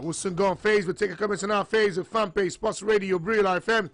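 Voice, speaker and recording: A man hosting live sports talk radio, taking callers and reading listener comments aloud in a brisk manner. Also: high-pitched, steady tone, fairly bright tone, soft background music.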